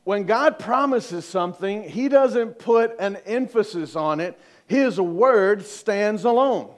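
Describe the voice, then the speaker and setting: A middle-aged man preaching to his congregation in a light, high voice. He keeps it conversational, cracks jokes and keeps asking the room questions. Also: animated, takes it slowly. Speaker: pastor. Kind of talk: sermon.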